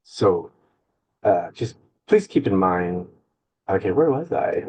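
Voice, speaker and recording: A man walks through a slide presentation over a video call, pausing and restarting as he goes. His voice is low, mellow and a little husky. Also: expressive, rough recording. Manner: halting, with restarts and fillers. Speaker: agency staff presenter. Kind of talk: slide presentation at a public meeting. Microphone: computer mic on a video call.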